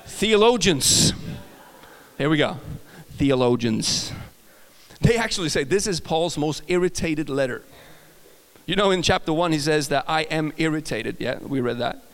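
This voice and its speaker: In a higher register, a Swedish-accented preacher from Sweden delivers his sermon briskly, storytelling with stumbles, circling restarts, and bits of self-laughter. A long reverb surrounds his voice, as if he were filling a big church hall.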